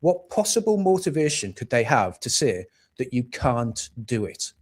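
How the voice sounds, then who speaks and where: A man's voice: medium pitch, very animated, normal speed, a little mellow. A man from England hosting a livestream, ranting bluntly and with plenty of profanity about politics. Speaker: livestream host. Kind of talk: casual political rant.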